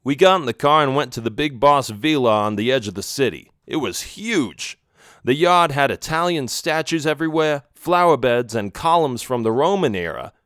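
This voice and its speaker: A man reads a children's adventure story aloud in the first person, his pitch moving in a lively way. His voice sits in a middle register, and the recording is dry and close with no room sound. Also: normal speed, dry recording. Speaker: audiobook narrator. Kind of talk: storybook narration.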